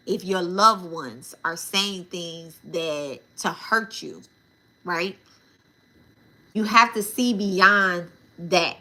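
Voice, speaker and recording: A woman's voice: on the low side, bright, forceful tone. A woman telling a story casually and animatedly, with a lot of profanity and asides to her viewers as y'all. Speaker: spiritual channel host.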